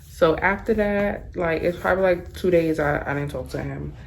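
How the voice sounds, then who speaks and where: A young woman with a notably low voice tells a personal storytime tale to her camera. She speaks frankly and casually, using plenty of slang and rambling with "like" fillers. Faint noise sits under her voice. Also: moderate pace, gravelly. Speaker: vlogger telling a story. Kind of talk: storytime vlog.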